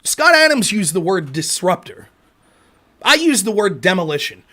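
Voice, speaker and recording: A man's voice: sits high, big pitch swings, normal speed, bright, forceful tone. A man hosting a political commentary show, ranting in an angry, sarcastic and profane way.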